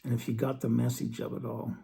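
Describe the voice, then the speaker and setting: A man giving an earnest scripture study talk, reading verses slowly and then explaining them. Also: medium pitch, little pitch movement, vocal fry, dark tone. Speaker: religious teacher.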